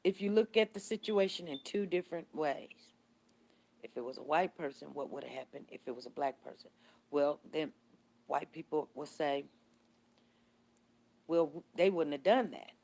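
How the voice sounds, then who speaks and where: Her voice is deep and gravelly at a moderate pace as this vlogger chats casually on a live stream. She's animated, telling stories and responding to viewer comments, and she circles back over the same points.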